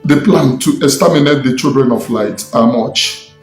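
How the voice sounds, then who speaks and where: A self-styled spiritualist with a Nigerian accent angrily preaches at and scolds his listeners in a passionate online rant. His mid-range voice moves at normal speed, recorded in an echoey room with faint music.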